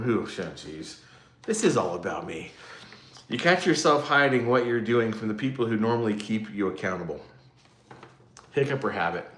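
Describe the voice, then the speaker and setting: A man's voice: fairly low pitch, a bit bright, roomy sound. A man hosting a casual livestream, chatting loosely with his viewers and poking fun at himself as he rambles. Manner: rambling, self-mocking, chatty with live comments. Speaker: livestream host.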